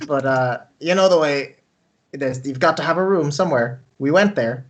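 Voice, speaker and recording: A man playing a tabletop game, speaking in a halting way with many fillers. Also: fairly high pitch, highs cut off. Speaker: player. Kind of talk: in-character game chat.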